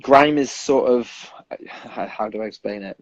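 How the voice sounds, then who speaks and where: A man's voice: fairly low pitch, a little slow, no echo, muffled recording. A young British man, a singer, chatting earnestly in an interview and rambling with frequent restarts. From United Kingdom. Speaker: singer guest. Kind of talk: casual interview chat.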